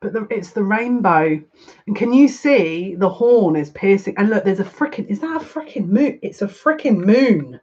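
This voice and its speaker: A woman giving a live card reading as a psychic, gushing and excitable, easily overwhelmed with emotion. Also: medium pitch, moderate pace, husky, muffled recording.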